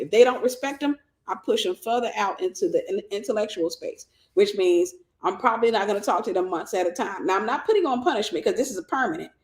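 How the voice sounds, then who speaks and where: Woman, ministry teacher, casual preaching tone, mid-pitched voice, echoey room. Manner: conversational preacher's teaching, thinks aloud and restarts, quotes scripture. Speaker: ministry host and mentor. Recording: roomy echo.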